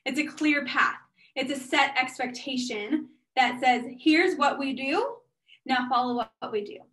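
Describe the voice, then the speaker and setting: A woman giving an energetic workshop talk as a guest speaker, chatty and encouraging as she speaks straight to the audience. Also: high voice, a little slow. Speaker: guest speaker and business owner.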